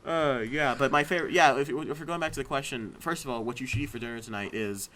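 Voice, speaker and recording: A man's voice: mid-range voice, fast talker, pushed and bright. A man co-hosting a casual podcast over a call, rambling, laughing often, and stammering and repeating his words. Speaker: podcast co-host. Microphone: remote call.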